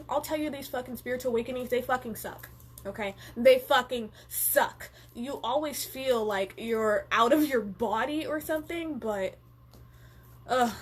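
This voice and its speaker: A young woman hosting a live stream, chatting casually and swearing freely as she reads viewer comments and answers them. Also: sits high. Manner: animated, profane, reads viewer comments aloud.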